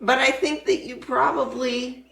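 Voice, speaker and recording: A woman's voice: sits high, steady tone, a little slow, vocal fry, a bit bright, far from the mic. Woman podcast co-host, blunt and heated, profanity-laden political chat, roomy room away from the mic.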